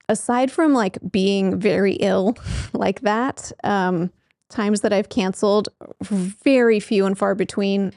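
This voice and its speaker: Her mid-range voice is creaky and slightly mellow, captured in a dry, clean studio recording. She's a therapist in her thirties who hosts a show, chatting to camera in a relaxed, explanatory way, laughing often and using lots of fillers.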